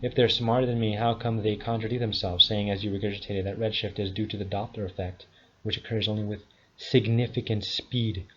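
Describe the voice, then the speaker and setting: A man's voice: lowish voice, level tone, a little fast, a bit bright, husky. A man in his thirties giving a combative, scornful monologue rebuttal, full of insults. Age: 30s. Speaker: video commentator. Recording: dull lo-fi sound.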